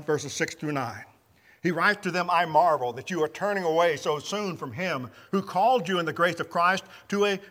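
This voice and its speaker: A man preaching a sermon, teaching from scripture in a measured, emphatic way. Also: high voice, fairly bright tone, big-room sound.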